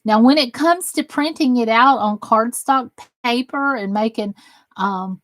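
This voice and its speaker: A woman's voice: a little high, measured pace, a bit bright, no echo. A woman from the American South with a Southern accent, chatting folksily on her crafting live stream and reading comments aloud. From Southern United States. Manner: folksy, chatty, self-deprecating. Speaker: crafting livestream host.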